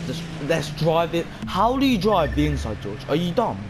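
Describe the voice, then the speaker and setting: A young man giving casual, rambling commentary over his own racing gameplay, self-mocking and breaking into excited bursts. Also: fairly high pitch, moderate pace, noisy background. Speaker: gaming video creator.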